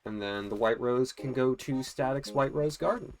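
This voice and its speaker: A let's play host chatting casually and joking while playing a life-sim game, thinking out loud. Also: mid-range voice, normal speed. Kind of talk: casual gameplay commentary.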